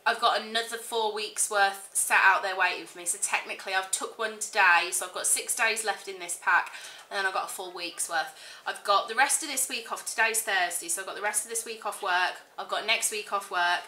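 A woman's voice: mid-range voice, fairly even intonation, fairly quick, sharp tone, slight background noise. A woman chatting casually to camera as a vlogger, gushing and chatty, with frequent fillers. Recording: echoey room.

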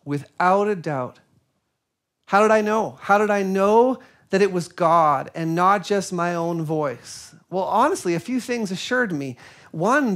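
Man, high voice, unhurried, earnest reflective sermon, gentle pauses. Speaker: preacher.

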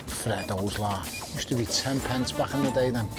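A man's voice: mid-range voice, normal speed, over music. A man with a Liverpool accent talks passionately and bluntly in a casual documentary chat, with a joking edge. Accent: Liverpool (Scouse). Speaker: football fan on a stadium tour.

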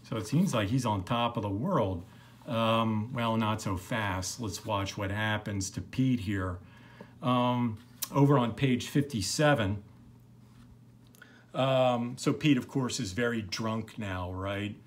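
Middle-aged guy teaching a book, slow and chill, says um a lot. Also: on the low side. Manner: relaxed, rambling, many fillers. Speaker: literature teacher. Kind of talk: recorded lecture.

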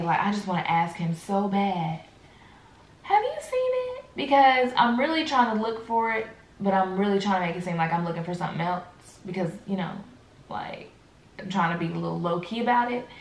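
Woman vlogger, lively storytelling straight to viewers, slight vocal fry, roomy echo. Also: mid-range voice. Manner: animated, talks straight to viewers with slangy asides. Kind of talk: casual storytime chat.

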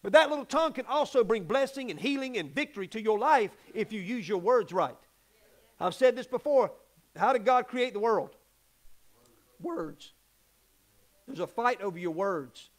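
A pastor preaching a folksy, animated sermon that acts out little scenes. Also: male voice, very high-pitched, normal speed, pauses often.

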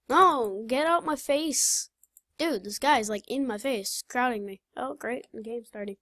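A young woman chatting casually while playing a game, excitable, blurting out reactions and laughing. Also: fairly high pitch, a little slow, dry recording. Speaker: gamer. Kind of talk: casual gaming chat.

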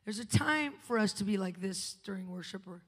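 A woman preaching to a conference with a gravelly, fry-edged voice that rings out in a large hall with a long reverb. She tells her story with big jumps between loud declarations and hushed asides. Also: mid-range voice, animated, fairly quick. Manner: testimony told with dramatic swings from loud to hushed. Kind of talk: live conference sermon. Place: conference venue.

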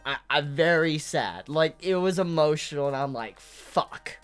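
A woman's voice: low-pitched, normal speed, smooth, faint music behind. A woman reviewing anime in an angry, profane rant, stumbling over and repeating her words.

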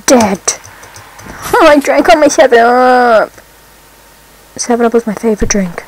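A woman giving casual let's-play commentary, excitable, swearing often and breaking into squeals and whoops. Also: high voice, takes it slowly, pauses often, poor audio. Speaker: gameplay commentator.

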